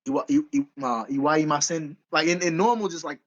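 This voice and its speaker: A man's voice: on the high side, very animated, brisk, highs cut off. A man co-hosting a podcast in casual chat, rambling and correcting himself as he goes, with frequent laughs. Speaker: podcast co-host.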